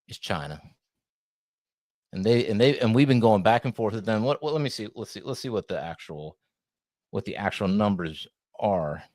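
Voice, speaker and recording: Rambling, lively-voiced podcast man. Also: lowish voice, moderate pace, long pauses, dry recording, clean studio sound. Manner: rambling, restarts sentences, jokey. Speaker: podcast co-host. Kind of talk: casual podcast chat.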